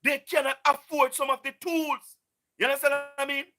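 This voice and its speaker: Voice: high-pitched, level tone, a little fast, sharp tone. A speaker with a Jamaican accent and patois, giving an impassioned, preachy live-stream address that keeps circling back with repeated questions to the audience. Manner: repetitive, keeps asking "you understand what I mean"; exhorting, preachy.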